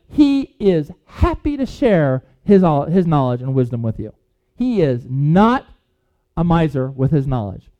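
Animated high-voiced male preacher. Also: highs cut off. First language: not English. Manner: animated storyteller, acts out quotes, chuckles. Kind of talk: informal sermon with scripture reading.

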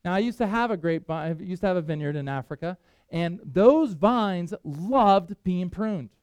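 A man's voice: high-pitched, animated, normal speed, darkish tone, clear, resonant tone, dry recording. A man preaching a sermon, earnest and conversational, with self-deprecating asides. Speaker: pastor.

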